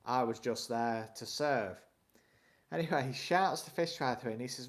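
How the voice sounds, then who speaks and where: A man's voice: mid-range voice, normal speed. Rambling man telling a story. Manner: rambling anecdotes, chuckles often. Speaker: co-host of a live stream. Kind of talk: casual storytelling chat.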